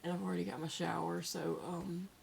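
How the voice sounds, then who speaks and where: Soft-spoken gravelly Southern woman. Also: fairly low pitch, flat delivery, a little hiss or hum. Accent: Southern American. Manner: soft-spoken, candid, with pauses and fillers. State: emotional after crying. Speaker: vlogger. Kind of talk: casual vlog talk to camera. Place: at home, indoors.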